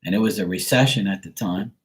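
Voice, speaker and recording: A middle-aged man with a deep voice talks quickly while giving a tarot reading on his live stream. As host, he chats casually in a blunt, rambling manner, full of fillers.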